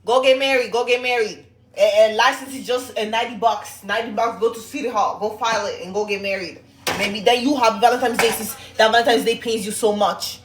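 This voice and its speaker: Her voice is fairly high and fairly quick, with fairly even intonation and a slight background noise. She's cooking on a livestream, talking bluntly and profanely to her viewers on a phone in a casual way. The room echoes, and loud music plays behind her.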